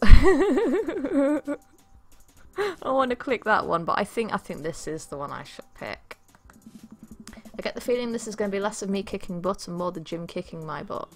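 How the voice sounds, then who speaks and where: A woman streamer playing a dating game, reading the story aloud and reacting with quick laughs and chatty asides. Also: mid-range voice, animated, a bit bright, faint music behind. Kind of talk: let's play commentary with read-aloud game text.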